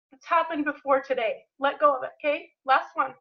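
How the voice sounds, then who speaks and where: A woman's voice: high voice, fairly even intonation, brisk, creaky, muffled recording. A woman leading a motivational team call, encouraging and emphatic, guiding listeners through breathing. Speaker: team leader hosting a call.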